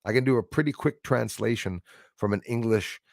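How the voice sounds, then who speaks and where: A man's voice: mid-range voice, moderate pace, gravelly, dry recording, clean studio sound. A man in his forties hosting a live stream, chatting loosely and chuckling often as he answers viewer comments. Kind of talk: casual chat reading viewer comments.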